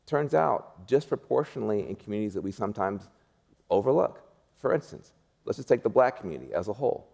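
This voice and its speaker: A man's voice: on the low side, very animated, fast talker, gravelly, darkish tone. A man speaking as a panel guest, emphatic and rousing, repeating his points like a preacher. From United States. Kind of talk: panel discussion.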